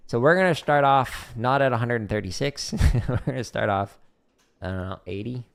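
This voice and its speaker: A man's voice: mid-range voice, moderate pace, vocal fry. A man teaching drum rudiments on a casual livestream, thinking aloud and counting beats, with drums playing behind him. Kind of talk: casual livestream drumming lesson. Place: home practice room.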